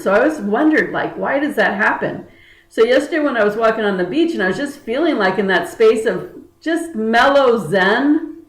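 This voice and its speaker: A woman's voice: fairly high pitch, reverberant, poor audio. A woman energy healer talking to her viewers in a casual spiritual chat, earnest and chatty, with many fillers and restarts. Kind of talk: casual spiritual talk to camera.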